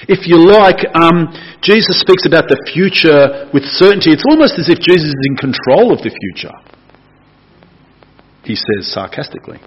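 A man's voice: fairly high pitch, lively intonation, moderate pace, few pauses, husky, lo-fi sound. A man giving a casual, chatty sermon and asking the congregation questions. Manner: chatty and playful, asks the room questions. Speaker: preacher.

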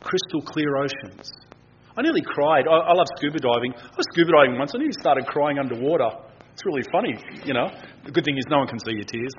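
A middle-aged man delivers a conversational church sermon, acting out the voices in people's heads. His voice sits a little high. The recording is dull with faint noise behind it. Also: quick pace. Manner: lively, conversational, acts out inner voices. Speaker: guest preacher. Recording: dull, slightly noisy recording.

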